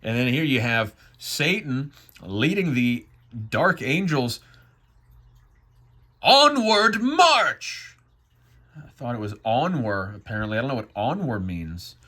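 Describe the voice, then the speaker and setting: A man's voice: mid-range voice, lively intonation, fairly bright tone. A man giving comedic, wry commentary on his own old comic. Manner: amused, wry, drawn-out asides. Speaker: vlogger.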